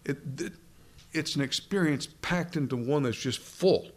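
A man's voice: fairly high pitch, normal speed. A man preaching a sermon in a conversational way, speaking directly to his listeners and often restarting his words.

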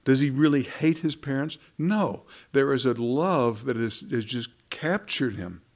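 A man's voice: medium pitch, a little slow. A man preaching into a microphone, reading scripture and talking in a conversational, wry way full of rhetorical questions. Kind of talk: sermon.

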